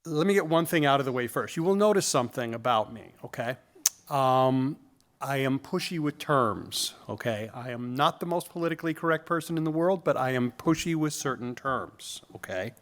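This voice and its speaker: A man's voice: mid-range voice, expressive, moderate pace. Older man giving a jokey keynote. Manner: emphatic, jokey, tags points with "okay?". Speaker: keynote speaker. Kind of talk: conference keynote talk. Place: lecture room at a university.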